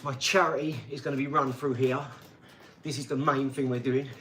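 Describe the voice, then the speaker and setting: A man's voice: medium pitch, steady tone, normal speed, bright, forceful tone, slight background noise. A man, talking casually on a live stream in a rambling, cheeky way and laughing between his remarks.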